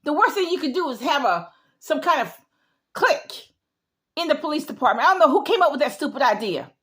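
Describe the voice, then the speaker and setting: A woman's voice: sits high, sing-song, fairly quick, a bit bright. A middle-aged woman giving an emphatic opinion monologue, repeating her points in a lecturing way. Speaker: vlogger.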